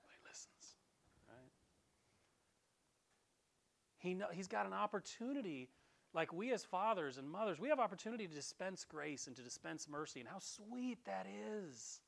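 A middle-aged man gives a sermon in a church, talking to his congregation like he's chatting with them. His voice sits a little high and jumps around a lot, rising when he quotes scripture. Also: brisk, vocal fry. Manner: animated, conversational preaching, quotes scripture in a raised voice. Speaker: pastor. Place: church sanctuary.

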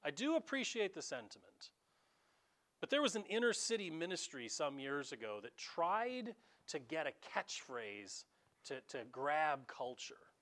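A man preaching a sermon as a pastor, conversational and animated, with sudden loud bursts of emphasis. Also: a little high, measured pace.

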